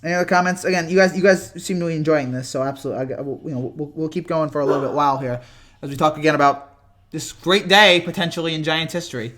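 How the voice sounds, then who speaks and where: A young man chats his way through a live reaction stream, rambling, repeating himself and getting worked up. His voice sits high and sounds bright and sharp, and it cracks often. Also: quick pace.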